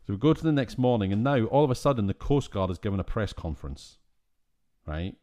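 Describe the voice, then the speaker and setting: Low-voiced Scottish man, animated chat. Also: fast. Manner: animated, exasperated, swears freely. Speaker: podcast co-host. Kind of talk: casual film-review chat.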